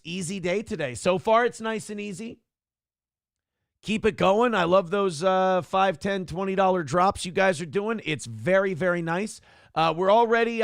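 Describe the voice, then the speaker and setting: A man's voice: sits high, dry recording. A man hosting a morning livestream show, chatting in a crude, sarcastic, rambling way from a small studio. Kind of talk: casual livestream chat.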